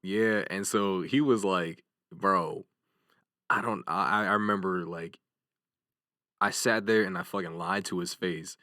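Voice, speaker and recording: A man's voice: deep voice, unhurried, bright, forceful tone, dry recording, studio quality. A young man co-hosting a podcast, telling school stories in casual chat, laughing and acting out the voices of people he quotes. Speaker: podcast co-host.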